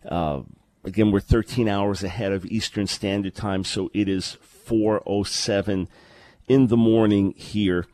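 Male radio host, low earnest voice, dry close sound, conversational with word repeats. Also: steady tone, unhurried, dark tone, no room sound. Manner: earnest, conversational, repeats words when starting sentences. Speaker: radio talk show host. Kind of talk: live call-in radio talk. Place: remote location, early morning.

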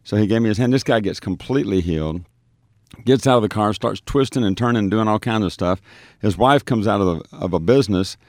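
Deep-voiced man telling a story. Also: fairly quick, a little mellow, no room sound, clean studio sound. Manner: storytelling, acts out quoted dialogue, frequent restarts. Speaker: street minister. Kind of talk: telling a testimony on a radio show.

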